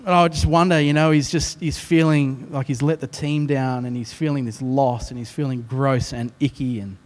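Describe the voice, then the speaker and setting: Animated Australian preacher in echoing hall. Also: male voice, medium pitch, moderate pace. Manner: animated storytelling with self-mocking asides. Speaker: pastor. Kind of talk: sermon.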